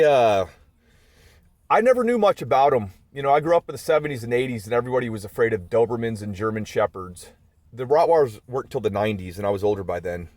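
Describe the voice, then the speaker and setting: A man in his forties with a darkish, mid-range voice tells rambling, chatty stories about his dogs in a casual vlog, full of asides. There is no echo.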